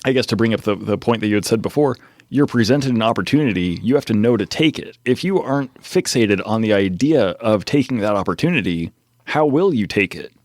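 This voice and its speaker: A man, a startup founder on a podcast, speaking haltingly in casual interview chat with many fillers. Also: fairly low pitch, expressive, a little mellow, no room sound, studio quality.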